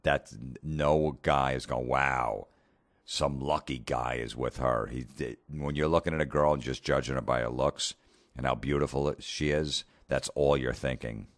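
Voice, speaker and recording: Very deep-voiced sarcastic man ranting. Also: fairly even intonation, moderate pace, no echo, clean studio sound. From New Jersey. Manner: sarcastic, mocking, swears constantly. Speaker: comedian podcast host. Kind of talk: profane comedic rant.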